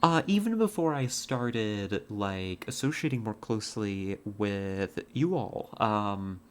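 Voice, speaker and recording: Slow, low-voiced woman streamer chatting. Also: lively intonation. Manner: rambling and chatty, full of fillers and restarts, answering chat. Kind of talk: casual chat while livestreaming a hunting game.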